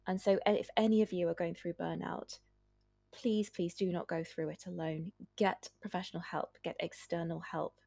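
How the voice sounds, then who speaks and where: Husky woman, earnest podcast advice. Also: fairly low pitch, darkish tone, dry recording. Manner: earnest, advising listeners directly. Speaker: doctor and podcast host. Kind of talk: solo podcast monologue.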